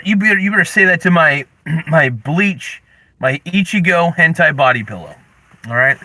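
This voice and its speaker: A young man hosts a casual livestream, grumbling in mock anger between sudden yelps. His voice is bright and sharp, and his pitch swings widely. The close mic sounds dry, with no room echo. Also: normal speed. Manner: animated, mock-angry rants with sudden yelled bursts. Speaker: livestream host.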